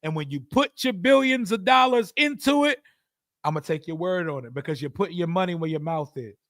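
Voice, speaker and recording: A man's voice: high-pitched, lively intonation, fairly quick, fairly bright tone, no room sound, studio quality. A young man hosting a live reaction stream, talking casually and profanely, often addressing his chat directly. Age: young adult. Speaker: livestream host.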